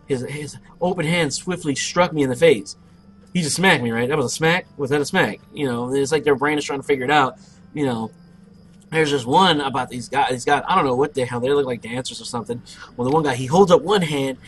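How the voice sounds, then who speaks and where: Brash, profane man telling gaming stories. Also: a little high. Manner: brash, profane, boastful storyteller. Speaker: gameplay commentator. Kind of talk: casual let's play storytelling.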